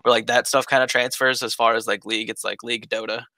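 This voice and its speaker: A man's voice: mid-range voice, flat delivery, quick pace, sharp tone, dry recording. A man, an esports coach, chatting casually on a podcast in a rambling way, with many fillers and acted-out quotes. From United States.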